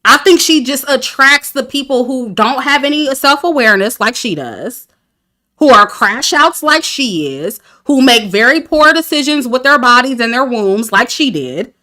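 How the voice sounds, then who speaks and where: A woman's voice: high-pitched, lively intonation, normal speed, pushed and bright. A woman, talking casually to her chat about a dating show, candid and laughing often. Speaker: reality TV commentator. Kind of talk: casual review livestream.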